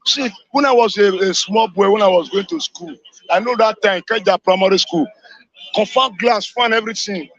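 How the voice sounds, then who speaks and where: A man from Edo State with a Nigerian accent, ranting fiercely as a caller on a live radio show, shouting and repeating himself and slipping into Pidgin. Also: high-pitched, normal speed, no room sound. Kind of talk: impassioned live radio call-in rant. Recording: dull lo-fi radio audio.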